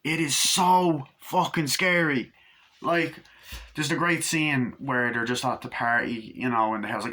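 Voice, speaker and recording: Guy rambling about a movie he loves, swears a ton, lowish voice with a sharp edge. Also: fairly even intonation, moderate pace. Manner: rambling, enthusiastic, heavy swearing. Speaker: movie reviewer. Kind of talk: casual film review monologue.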